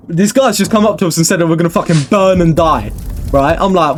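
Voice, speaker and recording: A young man telling a casual storytime vlog in an excitable, rambling way, swearing freely. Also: fairly high pitch, brisk, soft background music. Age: young adult.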